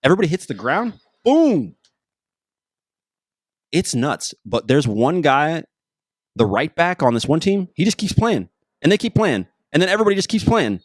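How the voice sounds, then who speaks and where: A young man hosting his own podcast, talking in a casual, excitable and jokey way that keeps drifting off topic. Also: a little high, normal speed, no room sound, studio quality. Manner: excitable, jokey, easily sidetracked. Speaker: podcast host. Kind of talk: casual rambling podcast monologue.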